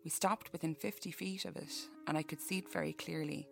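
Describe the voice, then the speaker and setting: A woman's voice: deep voice, fairly even intonation, brisk, creaky, fairly bright tone, soft background music. A woman hosting a podcast who reads a book aloud and breaks off for profane, jokey asides. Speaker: podcast host.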